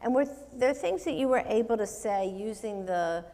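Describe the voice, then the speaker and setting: A woman's voice: a little high, expressive, moderate pace, warm tone. A woman rabbi interviewing an author in front of an audience, asking thoughtful questions with hesitant ums. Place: synagogue hall before an audience. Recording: long reverb of a hall.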